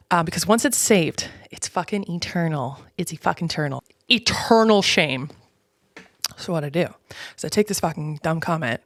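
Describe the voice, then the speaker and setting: A woman's voice: low voice, no echo, clean studio sound. A young Canadian woman hosting her own podcast, rambling in a casual, profane, unfiltered solo monologue. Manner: casual, rambling with many fillers. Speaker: podcast host.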